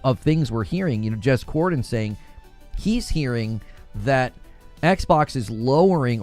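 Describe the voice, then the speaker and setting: A man's voice: medium pitch, a little mellow. A man hosting a casual podcast discussion, asking curious questions and often restarting his words. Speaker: podcast host.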